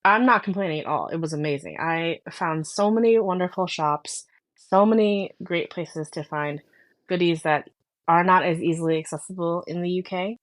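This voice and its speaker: A woman's voice: lowish voice, moderate pace. A woman hosting a podcast in casual chat, talking enthusiastically in long flowing sentences. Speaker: podcast host.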